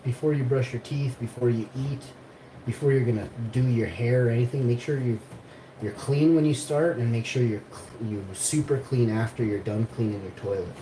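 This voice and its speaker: A Canadian man chats and grumbles at length while making food at home, rambling and sure of himself. His voice sits back from the camera mic in an echoey room. A steady hiss of household noise runs underneath. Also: medium pitch, recorded from a distance. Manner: rambling, complaining, self-assured. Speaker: streamer. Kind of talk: casual kitchen vlog talk. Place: home kitchen, cooking.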